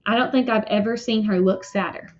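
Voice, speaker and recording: A woman's voice: medium pitch, steady tone, a little fast. A woman reading a children's novel aloud with earnest feeling and brief apologetic asides. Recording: muffled lo-fi recording.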